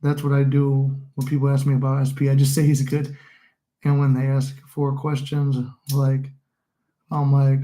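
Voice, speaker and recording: A man's voice: on the high side, fairly even intonation, normal speed, dark tone, echoey room, rough recording. A young adult man hosting a casual live stream, giving rambling, encouraging advice. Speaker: livestream host and manifesting coach.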